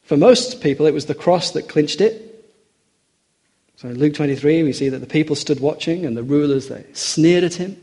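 Husky, mellow-voiced male preacher. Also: fairly high pitch, expressive. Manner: earnest, rising for emphasis, slows on quoted scripture. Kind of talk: sermon.

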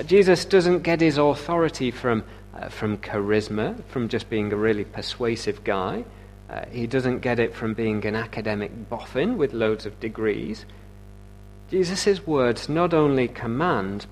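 A man's voice: mid-range voice, expressive, unhurried, a little mellow, a little hiss or hum. A man preaching a sermon in a conversational way, asking rhetorical questions and using many "uh" fillers.

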